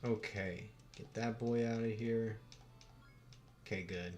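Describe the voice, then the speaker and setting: Young man, Western American accent, relaxed streamer chat, lowish voice, faint music under. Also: slow. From United States. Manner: laid-back, swears casually, chuckles often. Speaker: livestream host. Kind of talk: casual livestream chat.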